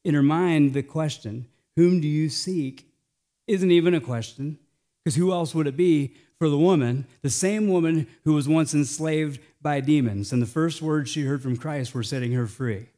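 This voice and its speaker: An American male pastor delivering a sermon, swinging between hushed, slowed phrases and loud, emphatic lines. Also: fairly high pitch.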